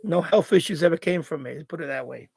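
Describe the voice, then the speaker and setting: A man's voice: fairly high pitch, a little fast, creaky, darkish tone, breathy edge, no room sound. A middle-aged man hosting a live stream, telling stories in a rambling, casual way, laughing often and repeating himself. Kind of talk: casual storytelling monologue.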